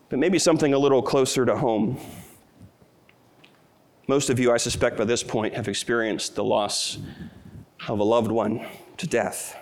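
A man's voice: medium pitch, normal speed. A middle-aged man preaching a sermon as pastor, earnest and tender, rising to emotional peaks.

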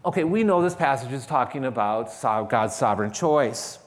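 A man's voice: medium pitch, animated, moderate pace. Man preaching a sermon in a reverberant hall. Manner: emphatic, repeats key phrases with shifting stress. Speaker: pastor.

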